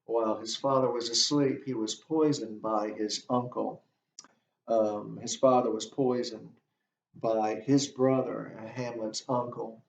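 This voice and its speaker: A male literature instructor giving a lecture, explaining a play at a deliberate pace and walking through the text line by line. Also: on the low side, fairly even intonation, gravelly, a little hiss or hum. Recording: dull, distant, roomy recording.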